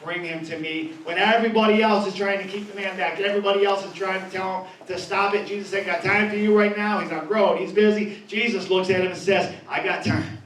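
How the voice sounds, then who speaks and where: A man's voice: high-pitched, steady tone, quick pace, few pauses, a bit bright, slight background noise. A pastor preaching a sermon, reading scripture and then driving his points home by repeating key phrases with emphasis. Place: church. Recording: echoey room, voice from a distance.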